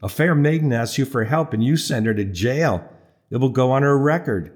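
A man's voice: medium pitch, expressive, normal speed, a little mellow, natural voice. A man voicing a pushy young man who insists on rescuing a stranger, wheedling and insistent.

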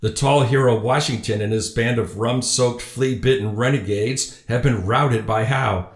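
A man's voice: medium pitch, unhurried, echoey room, natural voice. A man voicing a pompous older loyalist father who gloats triumphantly in a storybook reading.

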